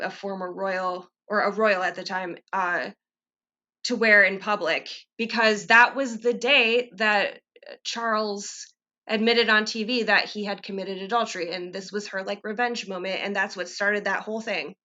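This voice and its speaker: Podcast co-host, female, bright tone, slightly dull sound, wry delivery. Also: mid-range voice, fairly even intonation, a little slow. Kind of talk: casual chat.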